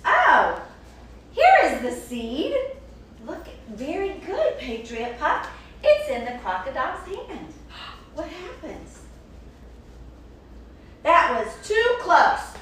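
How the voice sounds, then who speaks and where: Pitched extremely high, this woman talks slowly and leaves long pauses while hosting a kids' program. She playfully reads a picture book and banters with a puppet and the children watching, all captured in an echoey space through a distant mic with faint hiss.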